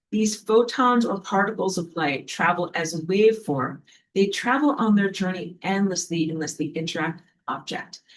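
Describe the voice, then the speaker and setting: A woman giving a casual spiritual lesson, chatty and loose, often acting out quoted voices in a higher pitch. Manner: animated, acts out quoted voices with rising pitch; loose and chatty, with fillers and restarts. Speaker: spiritual teacher. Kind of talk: casual spoken teaching.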